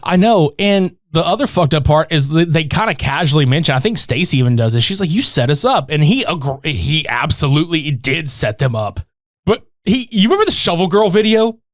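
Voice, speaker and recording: A man's voice: fairly high pitch, fairly quick, dry recording, clean studio sound. A man recapping a horror movie in casual, profane chat, acting out the characters' lines. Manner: animated, swearing, acts out characters' lines.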